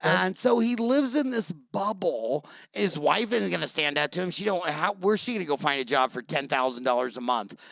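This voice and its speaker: Gravelly, animated man hosting a chat. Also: on the high side, moderate pace, few pauses, dry recording. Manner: animated, rambling, salty. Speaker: podcast host. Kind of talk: casual interview chat.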